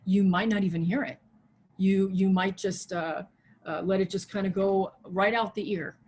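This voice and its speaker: A woman pastor preaching a sermon over a video call, swinging from loud, soaring exhortation to a hushed prayer voice. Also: lowish voice, slight background noise. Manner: impassioned, rises loud then drops to hushed prayer. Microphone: video call mic.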